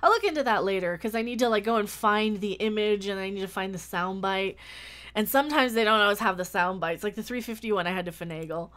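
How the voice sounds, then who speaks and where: A woman's voice: mid-range voice, fast talker. A woman hosting her own livestream in casual chat, talking freely with many restarts and thanking viewers by name. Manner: chatty, thanks viewers warmly, frequent restarts. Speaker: YouTube channel host.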